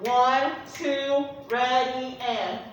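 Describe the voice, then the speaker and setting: A woman music teacher leads a class through a rhythm exercise, counting off beats and cheering the students on in an upbeat, encouraging way. Her voice is high-pitched with fairly even intonation and very slow pacing, heard from far off in an echoey, noisy room.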